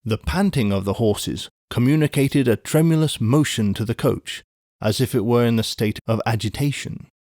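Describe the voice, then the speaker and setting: A man reading a classic novel aloud in measured storytelling narration. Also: medium pitch, darkish tone, dry recording, clean studio sound. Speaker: audiobook narrator. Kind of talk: scripted narration.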